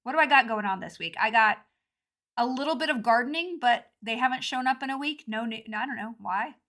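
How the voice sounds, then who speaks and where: Chatty high-voiced woman podcaster. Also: a little fast. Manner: chatty, self-deprecating, animated. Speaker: podcast host. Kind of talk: casual solo podcast chat. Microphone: home recording, not in booth.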